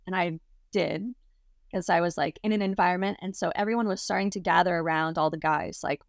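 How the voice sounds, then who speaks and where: A woman guest telling a story in a casual, lively way. She laughs often and acts out the people she quotes. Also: fairly low pitch, fairly quick, creaky, dry recording, clean studio sound. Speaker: interview guest.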